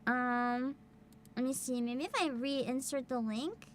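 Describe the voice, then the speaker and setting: A woman's voice: high voice, takes it slowly, slight background noise. A woman streamer chatting casually and rambling, laughing often as she talks. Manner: giggly, rambling, frequent laughter. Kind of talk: casual livestream chat.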